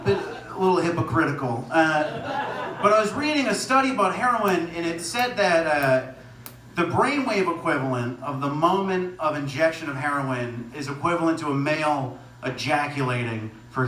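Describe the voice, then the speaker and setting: A man's voice: fairly high pitch, lively intonation, normal speed, sharp tone. Laughing stand-up guy in echoey room. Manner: rambling, self-mocking, laughs at own jokes. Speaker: stand-up comedian. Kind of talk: stand-up set. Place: small comedy venue with audience. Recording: echoey room from far off, noisy.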